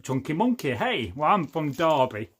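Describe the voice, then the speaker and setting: A middle-aged man hosts a relaxed livestream, reading comments aloud and wandering off into jokey stories. His voice sits a little higher than most men's, and he laughs often as he talks. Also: normal speed, husky. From England. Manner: chatty, jokey, laughs often, rambling asides. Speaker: livestream host.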